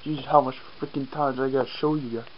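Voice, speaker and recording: A man's voice: mid-range voice, steady tone, quick pace, slight background noise. Acadian French-accented male vlogger, chatty and self-deprecating, outdoors on a farm, muffled camera audio. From Acadian, New Brunswick. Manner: rambling, self-mocking, swears casually. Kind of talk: casual outdoor vlog. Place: outdoors on a farm, rainy day.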